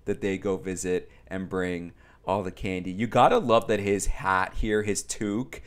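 A young man giving casual reaction commentary on a music video, chatty and excitable, talking straight to his viewers. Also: low voice, moderate pace, clear, resonant tone. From Italian background. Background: music video playing.

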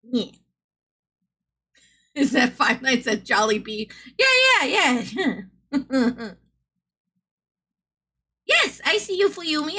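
A woman's voice: sits high, pushed and bright. A woman streamer from the American South chatting casually with her audience, giggling often and swearing freely. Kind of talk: casual live-stream chat.

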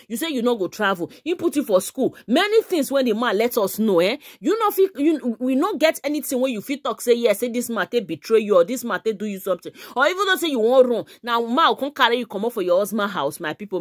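A woman's voice: on the high side, no echo, studio quality. A woman with a Nigerian accent giving casual commentary as a gossip vlogger, exclaiming and laughing often as she talks to her viewers.

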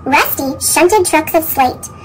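A woman reading children's picture books aloud with even storytelling, with a sped-up chipmunk pitch effect. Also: slow, over music. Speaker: storybook reader. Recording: noisy sped-up recording.

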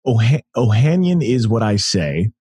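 Man, 30s, American, podcast guest, animated, laughing, low-pitched. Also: moderate pace, husky, dry recording. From United States. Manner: animated storyteller, laughs often, many restarts. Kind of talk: casual interview conversation.

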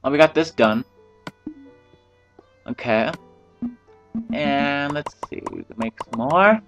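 A man's voice: a little high, expressive, slow, over music. Rambling profane man narrating gameplay. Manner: rambling, profane, talks to himself. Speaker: gameplay commentator. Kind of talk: casual let's-play commentary.

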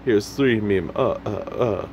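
A man's voice: on the low side, slow, vocal fry, a little mellow, muffled recording, slight background noise. A man putting on the voice of a theatrical vampire puppet who counts aloud, drawing out each number like a chant. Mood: counting gleefully.

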